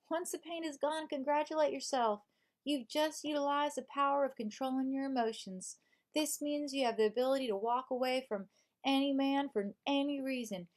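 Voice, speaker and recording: A woman's voice: sits high, darkish tone, close to an everyday voice. A woman reading a self-help book aloud in a put-on American Southern accent, voicing an earnest advice-giving woman. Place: home live stream.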